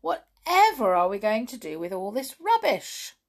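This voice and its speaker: Brief: woman voicing a lively little male brownie, high and eager, storybook read-aloud. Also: moderate pace. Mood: fretting.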